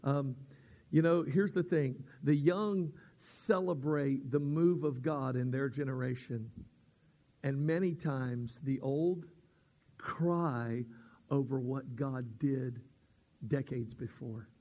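A man preaching a sermon as pastor, teaching calmly at times and rising into loud, emphatic preaching, often repeating himself and restarting his words. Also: slow. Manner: builds from calm teaching to loud, high-pitched emphatic preaching.

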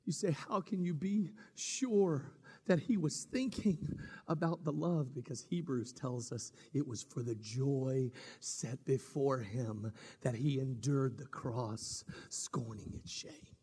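A man preaching a sermon as pastor, swinging from loud dramatic cries to hushed whispers. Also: mid-range voice, takes it slowly, breathy edge, big-room sound.

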